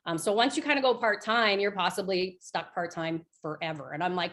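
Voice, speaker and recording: A woman's voice: lowish voice, a little fast. Chatty woman coaching a team call. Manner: chatty, filler-heavy, animated storytelling. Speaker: direct sales team leader. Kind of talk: motivational talk on a group call.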